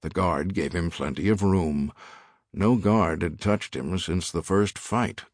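A man narrating an audiobook in a measured, expressive reading style. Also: deep voice, no echo, studio quality. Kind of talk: scripted narration.

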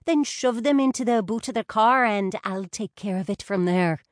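A woman voicing a cheerful young Irish woman with an Irish accent, speaking high and bold. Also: moderate pace, no room sound, studio quality, lightly acted. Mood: gleeful.

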